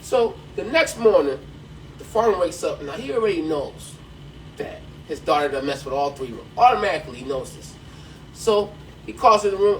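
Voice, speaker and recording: A man hosting a podcast, telling a long joke in an animated way and laughing along with it. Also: fairly high pitch, moderate pace. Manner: animated storyteller who laughs at his own punchline. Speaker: podcast host. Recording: distant mic, faint background noise.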